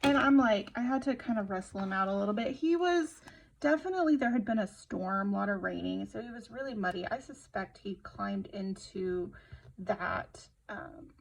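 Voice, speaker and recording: A woman's voice: medium pitch, animated, moderate pace, gravelly, slight background noise, low-quality recording. A young woman casually chatting and telling a rambling story while decorating her planner at home, full of fillers and self-interruptions. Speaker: planner vlogger.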